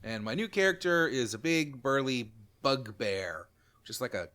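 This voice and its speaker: A man's voice: mid-range voice, lively intonation, measured pace, sharp tone. Easygoing man rambling on a podcast. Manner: rambling, easygoing, self-mocking. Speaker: podcast host. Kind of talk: casual chat.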